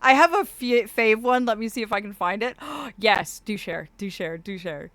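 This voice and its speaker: A woman with a bright, forward voice hosts a casual live stream in character as a fey being. She fondly calls viewers darlings and laughs often. A swollen cheek slightly blurs her speech, and the recording is close and dry. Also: a little high, lively intonation, normal speed, no room sound. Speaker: streamer playing a fey persona.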